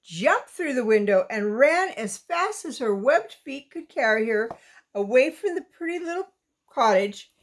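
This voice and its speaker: Woman storyteller, high and slow, reads aloud to small children. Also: animated. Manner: slow, lilting, asks the young listener questions.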